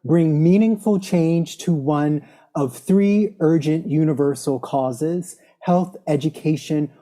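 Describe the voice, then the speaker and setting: A woman co-hosting a podcast, explaining things in a dry, measured casual way. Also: low-pitched, dark tone. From United States. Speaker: podcast co-host. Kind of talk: casual chat.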